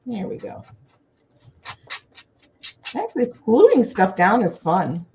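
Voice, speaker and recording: A woman with a lively, up-and-down voice chatting cheerfully while she crafts. She comes through a slightly muffled, lo-fi video call with a faint hiss behind her. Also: a little high, slow. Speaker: co-host of a crafting livestream. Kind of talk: casual chat.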